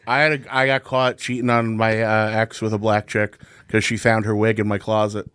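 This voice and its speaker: A man's voice: lowish voice, level tone, moderate pace, a bit bright, clear, resonant tone. A man co-hosting a comedy podcast, telling blunt, crude anecdotes in casual chat. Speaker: podcast co-host.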